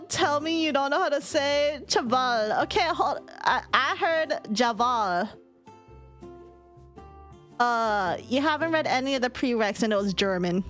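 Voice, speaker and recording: Very high-pitched giggly woman. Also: a bit bright. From United States. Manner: giggly, swears freely, laughs often. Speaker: streamer. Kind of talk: casual live-stream chat.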